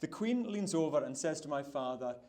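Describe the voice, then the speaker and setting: A baker from the Isle of Lewis, Scotland, with a Hebridean Scottish accent, chats and spins a yarn with laughter while cooking at a demo stage in a food festival hall. His voice sits on the high side, with lively intonation, a fairly quick pace and a darkish tone.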